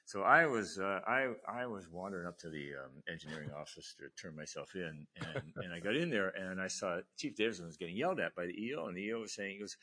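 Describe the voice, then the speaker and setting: An older man, a retired admiral, telling a story in conversation, acting out the people he quotes with sudden rises in pitch. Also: lively intonation, quick pace, few pauses, bright, forceful tone, husky.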